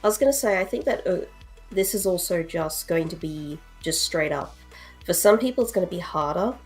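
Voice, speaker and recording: A woman's voice: fairly low pitch, animated, fairly quick, soft background music. A woman co-hosting a casual livestream chat, blunt and matter-of-fact.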